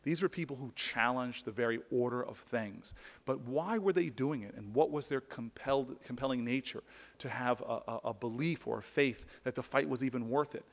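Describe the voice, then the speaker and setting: A man's voice: medium pitch, moderate pace, long reverb tail. A man giving an earnest personal storytelling speech, often restarting and repeating words. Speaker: public speaker.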